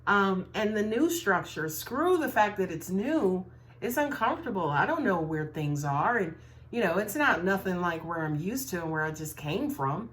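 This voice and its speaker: A woman's voice: mid-range voice, big pitch swings, normal speed, a bit bright. A woman giving a casual tarot reading to viewers, talking in a chatty way and often tagging her sentences with "right?". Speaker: tarot reader.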